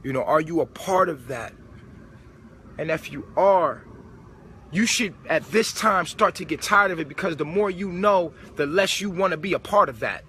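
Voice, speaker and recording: A man's voice: a little high, lively intonation, normal speed, pushed and bright, slight background noise. Streetwise man preaching in a slightly raised voice. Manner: streetwise preachy talk, slangy and emphatic. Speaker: spiritual vlogger. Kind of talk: casual spiritual monologue. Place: old supermarket converted to a club.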